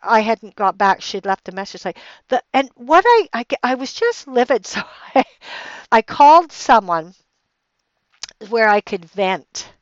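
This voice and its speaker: A middle-aged woman on her podcast shares a personal story, rambling with frequent restarts and fillers and getting heated and emphatic as she retells anger. Her voice is a little high and very animated yet unhurried, on a dull, lo-fi, dry recording.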